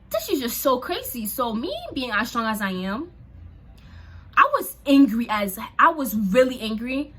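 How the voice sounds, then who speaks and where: A young woman from a Haitian family, chatty and animated, telling a personal story in a casual vlog. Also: on the high side. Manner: chatty, animated, lots of "like" and asides to viewers. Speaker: storyteller vlogger.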